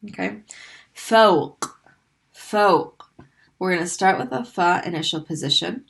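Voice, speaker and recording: A woman's voice: on the low side, expressive, gravelly, a bit bright. Patient woman teaching letter sounds. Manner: patient, repeats sounds slowly for practice. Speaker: Arabic teacher. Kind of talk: recorded language lesson.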